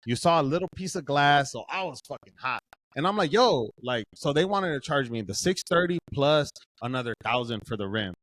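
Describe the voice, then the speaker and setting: A man's voice: medium pitch, a little fast, no echo. A young man from Southern California, a podcast co-host, telling a profane story in casual chat and acting out what everyone said. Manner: profane, animated storytelling, quotes himself.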